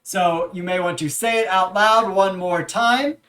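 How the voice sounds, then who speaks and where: A language instructor giving a recorded lecture, patiently explaining and leading repeat-after-me drills with frequent pauses and fillers. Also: mid-range voice, a bit bright, recorded from a distance.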